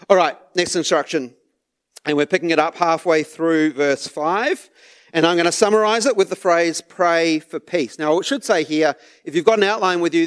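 Male pastor mid-sermon; higher register, takes his time, chuckles softly between points. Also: clear, resonant tone. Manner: unhurried, with soft laughs and repeated words.

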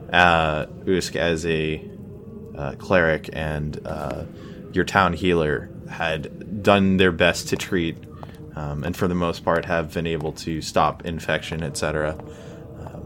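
A man narrating as game master of a tabletop game, halting, with many fillers. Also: low-pitched, noisy background.

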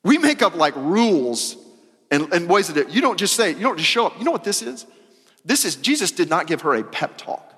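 A man preaching a sermon as pastor, emphatic and casual, repeating phrases and moving between loud and soft. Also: high-pitched, very animated, brisk, slightly rough. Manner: casual, uses "y'all" and slang. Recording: long hall reverb.

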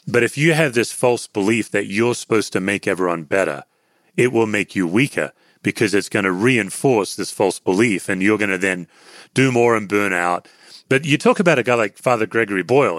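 A man's voice: fairly low pitch, a bit bright, dry recording, clean studio sound. An Australian man, a podcast guest and author, answering interview questions in an earnest, reflective, pastoral way.

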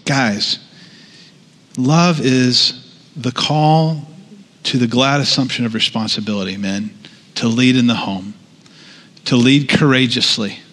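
A man's voice: medium pitch, a bit bright. A man preaching a sermon in a conversational way, with asides and restarts. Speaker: pastor. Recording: long hall reverb.

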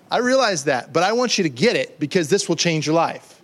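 A man's voice: on the high side, very animated, a little fast, fairly bright tone. A middle-aged man preaching a sermon as pastor, conversational and joking, often repeating words as he builds a point.

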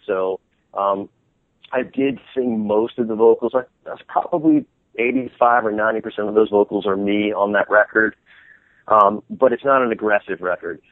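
A man's voice: on the low side, dry recording. A middle-aged man, a guitarist, rambling animatedly in a casual interview with many restarts. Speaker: guitarist and band member, interview guest. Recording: tinny phone-like line.

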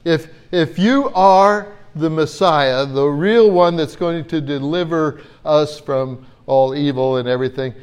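A man's voice: fairly high pitch, clean tone. A man preaching a Bible-teaching sermon in an earnest way, often repeating words as he gathers his thoughts.

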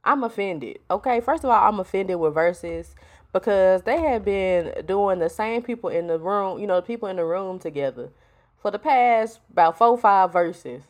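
A woman's voice: mid-range voice, expressive, normal speed. A woman hosting a solo podcast, talking in a blunt, sassy, profane casual way. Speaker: podcast host. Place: home, with a storm outside.

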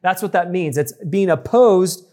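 A man's voice: high voice, unhurried, mellow. A man preaching an expository sermon, teaching emphatically and addressing the congregation directly. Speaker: pastor.

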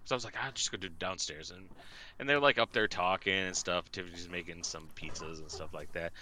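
A man in casual chat, telling an animated story, swearing freely and acting out both sides of each exchange. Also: low voice, fairly quick, slight background noise.

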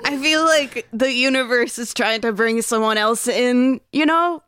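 High, smooth-voiced woman player. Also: a little slow, fairly bright tone, no echo, studio quality. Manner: chatty, joking. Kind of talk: casual tabletop play.

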